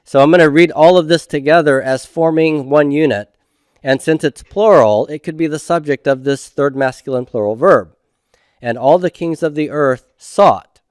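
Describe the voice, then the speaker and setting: A man's voice: a little high, normal speed, clean tone, dry recording, clean studio sound. A middle-aged man teaching a recorded grammar lecture. He patiently asks questions and then answers them himself.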